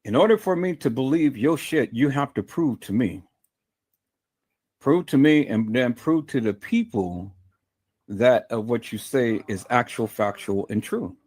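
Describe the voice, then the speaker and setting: A man's voice: mid-range voice, animated, unhurried, a little mellow. A man hosting his own livestream, delivering an angry, profane, combative rant full of stammering restarts. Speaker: livestream host. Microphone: streaming mic.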